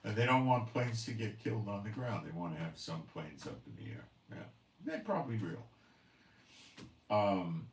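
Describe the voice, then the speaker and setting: A man's voice: sits low, reverberant, distant mic. A man hosting a commentary channel, ranting emphatically with scorn and rhetorical questions. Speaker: host of a prophecy commentary channel.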